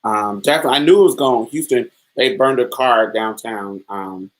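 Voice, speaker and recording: A podcast host speaking in a casual, loose monologue, telling personal stories in a candid, colloquial way. The voice sits at an ordinary middle pitch, and the delivery comes across as relaxed and off the cuff. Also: normal speed, rough recording.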